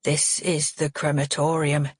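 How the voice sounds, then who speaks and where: A woman's voice: deep voice, flat delivery, breathy edge, no echo, clean studio sound. Woman voicing a stern elderly father with dementia. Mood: vague. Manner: demanding, snapping, then lost and slow.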